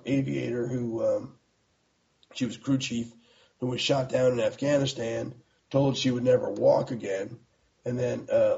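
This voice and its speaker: Rambling man with a dark voice. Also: mid-range voice, vocal fry, muffled recording. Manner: rambling, many fillers and restarts. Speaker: magazine founder telling his story. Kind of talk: casual storytelling.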